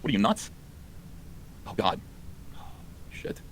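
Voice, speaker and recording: A man's voice: slow pace, fairly bright tone, a little hiss or hum. A man reacting to clips on a live stream, exasperated and ranting, his voice climbing when indignant. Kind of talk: heated live stream commentary.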